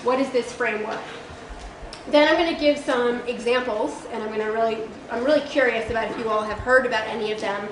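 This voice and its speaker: A woman giving a college guest lecture, hoarse from losing her voice, chatty with frequent ums. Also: a little high, fairly even intonation, a little fast. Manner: participatory, conversational, frequent ums. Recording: echoey room with background noise.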